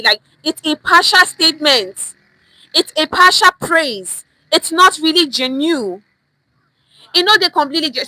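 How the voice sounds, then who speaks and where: A woman's voice: high voice, expressive, moderate pace, pushed and bright, dry recording. A young woman with a Nigerian accent teaching a chatty online language lesson, repeating phrases and dropping in pidgin words.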